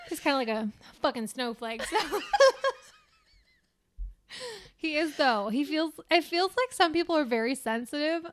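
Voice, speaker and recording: High-voiced young woman telling stories. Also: moderate pace. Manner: animated storytelling, frequent swearing and laughter. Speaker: podcast co-host. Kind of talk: casual chat.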